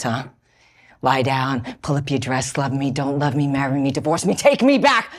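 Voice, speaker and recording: A woman's voice: sits low, creaky, husky, exaggerated voice. An actress rehearsing a stage scene as a furious woman turning away her ex-husband, confrontational and mocking. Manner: confrontational, mocking, shouting at times.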